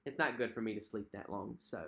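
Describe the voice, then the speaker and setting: A man's voice: fairly low pitch, fast, vocal fry, a bit bright. A young man hosting a casual livestream, chatting in a friendly way, reading out viewer comments and repeating himself with many fillers. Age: young adult. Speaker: cruise vlog host. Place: at home.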